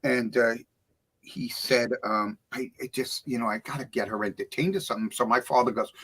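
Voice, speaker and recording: A middle-aged man, a guest on a talk show, telling a story with lively voices for the people in it. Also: moderate pace, breathy edge. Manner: acts out voices in his stories, big swings in pitch and loudness. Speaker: author and music producer guest.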